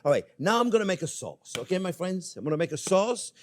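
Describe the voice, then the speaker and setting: A man's voice: sits high, sing-song, fast talker. An older man hosting a cooking show, chatting playfully with viewers as he cooks. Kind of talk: casual cooking demonstration.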